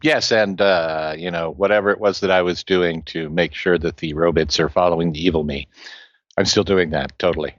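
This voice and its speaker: A man's voice: sits low, fairly even intonation, moderate pace, no room sound, lo-fi sound. A man playing a tabletop game, casual and playful. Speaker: player.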